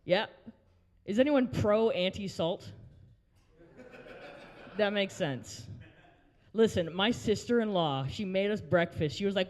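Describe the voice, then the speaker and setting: A man's voice: sits high, slow, long pauses, big-room sound. A young man hosting an open mic, doing a crude stand-up set and working the crowd in a brewery. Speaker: open mic host and comedian. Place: brewery taproom, live audience.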